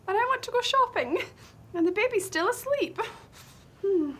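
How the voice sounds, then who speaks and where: A woman's voice: very high-pitched, very animated, measured pace, a bit bright. A woman presenting a playful teaching sketch, giggling and shushing as she models phrases.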